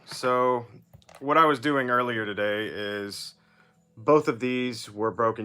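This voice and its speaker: A man's voice: lowish voice, pushed and bright. A man hosting a casual livestream, chatting in a rambling way while repairing action figures and reading chat aloud.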